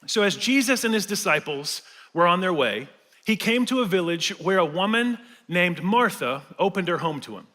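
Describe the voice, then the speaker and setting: A man's voice: sits high, animated, normal speed, sharp tone. A man preaching a casual, conversational sermon with fillers and light humor. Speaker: pastor. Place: large church hall. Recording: reverberant church sanctuary.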